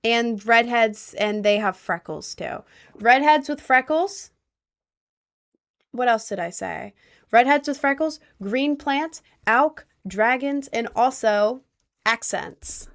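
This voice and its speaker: A woman's voice: on the high side, slow, creaky, fairly bright tone. Young woman streamer, casual and sarcastic. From Maryland, USA. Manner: playful, answers chat questions with dry sarcasm. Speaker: streamer reading chat. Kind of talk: casual livestream chat.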